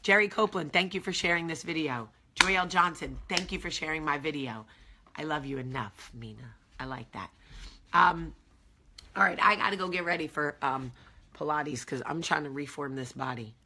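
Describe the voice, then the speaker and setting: A woman's voice: deep voice, normal speed, pushed and bright, a little hiss or hum. A woman hosting a motivational coffee-talk livestream, emphatic and affectionate, repeating her key phrases to viewers. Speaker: live video host.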